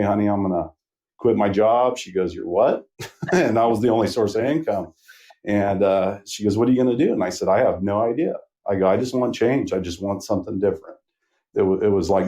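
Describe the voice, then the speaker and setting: A middle-aged man with a low voice, warm and mellow in tone. He talks easily as a guest on a trade podcast, wandering through his story with lots of "uh"s and "um"s. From Northern California. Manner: relaxed, rambling storyteller with many fillers. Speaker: manufacturer sales rep, guest. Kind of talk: casual podcast interview.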